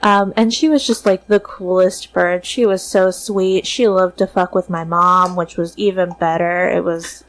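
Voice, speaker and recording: A woman's voice: lowish voice, steady tone, unhurried, hardly any pauses, rough recording. A woman co-hosting a podcast, telling a family pet story in casual chat, swearing freely with lots of ums. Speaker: podcast co-host.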